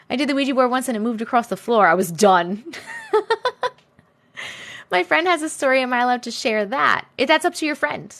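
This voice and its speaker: Lively chatty woman hosting a live stream. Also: a little high, moderate pace, gravelly. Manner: chatty, greets viewers by name, laughs often. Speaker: live stream host reading viewer comments. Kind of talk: casual live stream chat.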